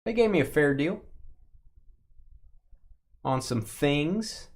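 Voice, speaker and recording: A man's voice: a little high, animated, takes it slowly. A man hosting a live sports card break stream, chatting and joking with viewers and greeting them by name. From Texas.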